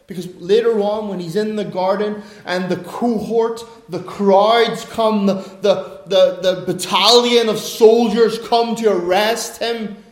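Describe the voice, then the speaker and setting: A high-voiced man preaches slowly, leaning on repeated phrases and dropping into quiet asides. His sermon rings through a roomy, echoing church hall. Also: fairly even intonation. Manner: emphatic, rhetorical repetition, drops to soft low asides.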